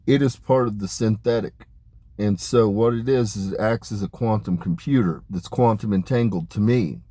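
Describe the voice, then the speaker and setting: A man talking in a rambling, emphatic monologue about spiritual matters, dropping his voice low on asides. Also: moderate pace, warm tone, dry recording. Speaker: spiritual channeler. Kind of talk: casual spoken monologue.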